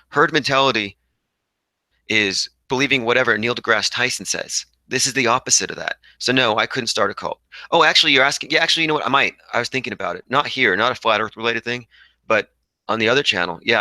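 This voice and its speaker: A man's voice: on the low side, sharp tone, no room sound, low-quality recording. A young man hosting a casual livestream, reading viewer comments aloud and rambling combatively. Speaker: livestream host reading chat.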